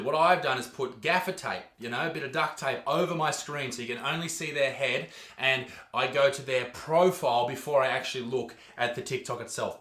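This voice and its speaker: A brash Australian man hosts a comedy reaction rant, swearing constantly and getting worked up as he goes. His voice sits a bit high and sounds bright and punchy. It echoes around a hard room with a faint hiss underneath. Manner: crude, swears a lot, loud and excitable. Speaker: comedian host. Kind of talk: ranting comedic reaction commentary.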